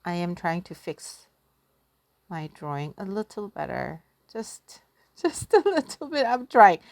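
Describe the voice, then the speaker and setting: A woman's voice: on the low side, sing-song, a little slow, vocal fry, dry recording. A woman, a teacher retelling a folktale in a casual, giggly, self-deprecating way while she draws. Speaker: language teacher. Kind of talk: casual storytelling lesson.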